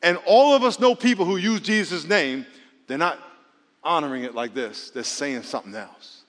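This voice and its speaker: In a large hall, a pastor with a voice on the high side preaches at normal speed. Lively and joking, he calls on the congregation by throwing out questions.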